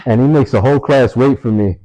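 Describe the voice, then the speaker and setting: A young man telling stories in a relaxed interview, swearing often and leaning on fillers. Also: medium pitch, fast, poor audio. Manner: laid-back, swears a lot, many fillers. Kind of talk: casual storytelling in an interview.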